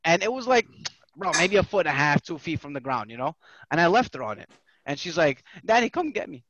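A man's voice: a little high, brisk, dry recording, dull audio. A man in his thirties hosting a casual chat, telling profane stories and acting out what other people said. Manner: profane storytelling, animated quoting of others. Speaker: podcast host.

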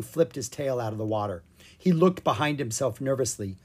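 A reader narrating a children's storybook in an animated, playful way, reading the sound effects aloud. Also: mid-range voice, moderate pace, slightly rough. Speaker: audiobook reader.

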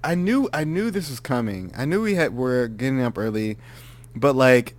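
Young man with a lively, tired voice. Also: mid-range voice, normal speed. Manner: teasing, sighing, tired after a late night. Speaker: podcast co-host. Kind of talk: casual chat.

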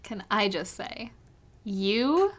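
A woman's voice: medium pitch, very animated, extremely slow. A woman co-hosting a casual chat, enthusiastically agreeing and adding her favorite moments. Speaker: podcast co-host.

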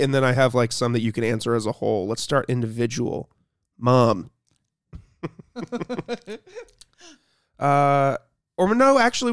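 A man's voice: mid-range voice, clear, resonant tone, dry recording, studio quality. Young man hosting a casual podcast. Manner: relaxed, filler-heavy, laughs easily. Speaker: podcast host.

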